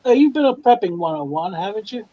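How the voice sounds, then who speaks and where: A man's voice: high voice, animated, fast, crowd noise. A man calling in to a livestream, talking casually and candidly, a little sheepish. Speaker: caller. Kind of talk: casual chat. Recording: dull lo-fi call audio.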